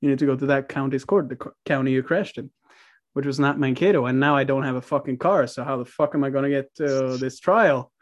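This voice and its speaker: A man's voice: mid-range voice, a little fast. Young man telling a story. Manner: laid-back, profane, often laughing. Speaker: podcast guest. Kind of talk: casual storytelling.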